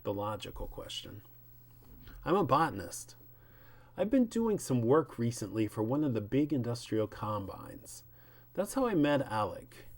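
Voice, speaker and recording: A man voicing a composed middle-aged male botanist in a comic book reading, speaking calmly and formally. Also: medium pitch, measured pace. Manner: calm, formal, courteous.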